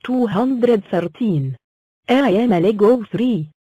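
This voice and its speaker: A woman voicing a cheerful talking number block in a cartoon, introducing itself flatly. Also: on the high side, slow, breathy edge, dry recording, exaggerated voice. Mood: plain. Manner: flat self-introductions.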